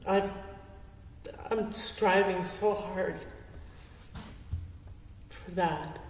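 An older woman giving a heartfelt talk with audience questions, speaking gently and reflectively with soft laughs. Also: fairly low pitch, slow, a little hiss or hum. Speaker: speaker sharing teachings through her late husband's art. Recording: roomy hall, voice from far off the mic.

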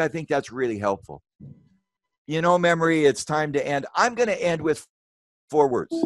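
A man's voice: fairly bright tone, no echo. An older man speaks as a guest presenter on a webinar, earnest and emphatic. His voice leaps upward whenever he drives a point home. The sound is close and dry, with no room around it. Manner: emphatic, earnest, with sudden rises in pitch when stressing points. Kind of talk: presentation and discussion.

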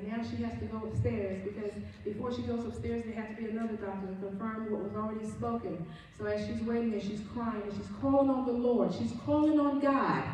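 Mellow-voiced woman preaching in an echoey hall. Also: a little high, far from the mic, a little hiss or hum. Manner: earnest storytelling preacher. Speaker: minister. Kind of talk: sermon. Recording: very echoey room, voice from afar.

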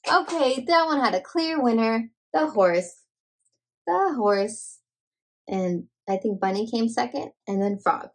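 A woman hosting children's toy play, talking to toddlers in a gentle, sing-song, encouraging way. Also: medium pitch, lively intonation, slow pace, husky. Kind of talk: playful narration to toddlers.

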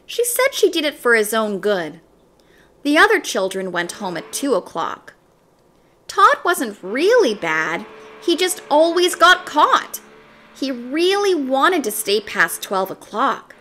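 Lady reading a kids story out loud, slow and animated. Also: high voice. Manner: gentle, expressive storytelling. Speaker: story reader. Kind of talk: children's storybook read-aloud.

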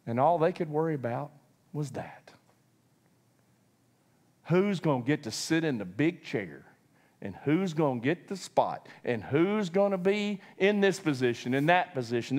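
A man's voice: on the high side, very animated, normal speed, big-room sound. A man preaching a sermon, telling the story with humor, acting out voices and laughing often.

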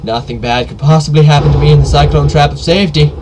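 A man giving joking live commentary while playing a game, yelping and shouting during fights. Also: on the high side, steady tone, fast, noisy background. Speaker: let's play gamer.

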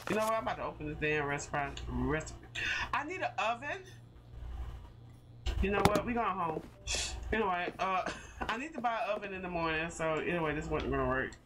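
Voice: medium pitch, a little fast, pauses often. A streamer chatting casually while playing a cooking game, talking to self and viewers, laughing a lot and swearing when things go wrong. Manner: talks to self and chat, laughs often, curses when frustrated. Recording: clicking and steady noise behind.

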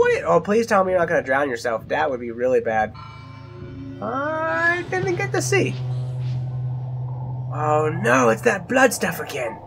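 Jumpy young man with wildly swinging pitch. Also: creaky, fairly bright tone. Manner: jumpy, exclaiming, self-mocking. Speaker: let's play gamer. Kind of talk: horror game commentary.

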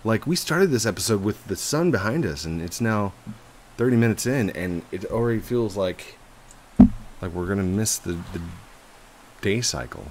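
Deep-voiced, animated gamer dad. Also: male voice, normal speed, noisy background. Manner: chatty and animated, laughs often, bursts into high excited yells. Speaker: gaming YouTuber. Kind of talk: casual gameplay commentary.

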